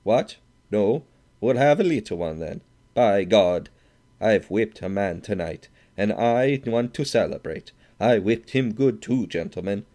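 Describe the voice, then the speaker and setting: A man voicing a drunk, burly, boastful Swedish man who blusters loudly and demands everyone drink with him. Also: medium pitch, lively intonation, a little slow, pitched above the performer's own voice, natural voice.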